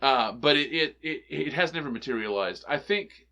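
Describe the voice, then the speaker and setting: Male podcast co-host, eager retelling, laughs often, mid-pitched voice. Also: expressive, normal speed, pushed and bright, highs cut off. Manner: eager, retells scenes with quoted lines and laughs. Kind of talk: casual movie chat.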